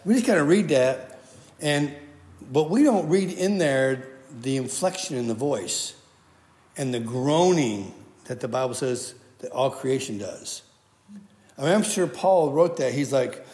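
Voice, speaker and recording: A man's voice: mid-range voice, lively intonation, a little slow, a little mellow. A man giving a conversational sermon, quoting scripture and often restarting his sentences. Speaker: preacher. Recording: echoey hall with long reverb.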